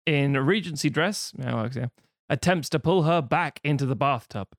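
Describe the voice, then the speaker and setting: A man's voice: fairly high pitch, moderate pace, no echo. Jokey male podcast co-host, dry sound. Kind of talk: casual chat, reading out a film pitch.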